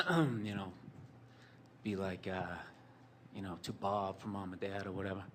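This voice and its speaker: A man's voice: deep voice, fairly even intonation, a little slow, fairly bright tone, slight background noise. Profane rambling male storyteller. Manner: rambling, profane, sardonic storytelling with many fillers. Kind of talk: storytelling monologue.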